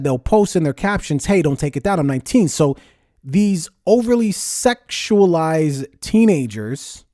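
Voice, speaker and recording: A man hosting a casual podcast, talking in a lively, conversational way and stressing words as he rants. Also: fairly high pitch, dry recording, clean studio sound. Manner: lively, conversational, ranting with emphasis. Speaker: podcast host. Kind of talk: casual solo podcast talk.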